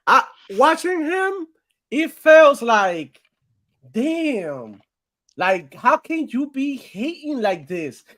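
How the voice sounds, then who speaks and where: A man hosts a live gaming stream, talking casually and animatedly, laughing often, swearing and calling people bro. His very high-pitched voice draws out words.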